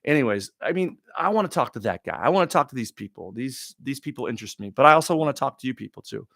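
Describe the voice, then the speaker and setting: A man hosting a live question-and-answer stream, talking in a rambling, excitable way with many restarts. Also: mid-range voice, quick pace, gravelly, no room sound, studio quality. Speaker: talk show host.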